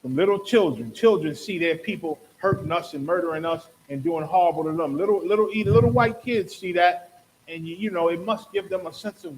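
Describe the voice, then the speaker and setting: A high-pitched man preaching hard as host of a talk show, rhetorical and fired up, slipping into other voices to act out what people said. A faint ambient hum sits behind him. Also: moderate pace, low-quality recording. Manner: preachy, rhetorical, acts out quotes. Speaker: podcast host. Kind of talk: impassioned religious commentary.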